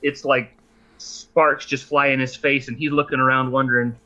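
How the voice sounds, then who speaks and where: A man's voice: mid-range voice, level tone, normal speed, bright, forceful tone. Hesitant male player on a dull mic. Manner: hesitant, with many fillers and restarts while describing his move. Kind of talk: casual play at a tabletop game.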